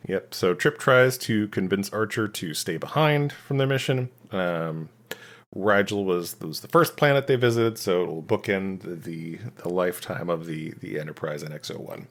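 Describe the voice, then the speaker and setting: Guy with a lowish voice rambling through an episode recap, lots of ums, casual podcast chat. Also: moderate pace. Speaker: podcast co-host.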